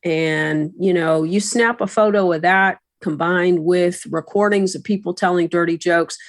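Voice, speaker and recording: A woman with a lowish voice speaks as an attorney and resident expert on a podcast. She lays things out in a steady, advisory manner. The sound is dry and close to the mic. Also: no echo. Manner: measured, explanatory, advisory. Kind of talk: podcast discussion.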